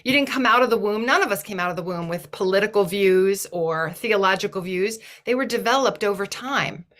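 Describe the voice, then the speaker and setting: Bright-voiced earnest woman speaker. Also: mid-range voice, fairly quick. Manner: thoughtful, earnest, often restarts phrases. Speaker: webinar guest speaker. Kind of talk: reflective webinar talk.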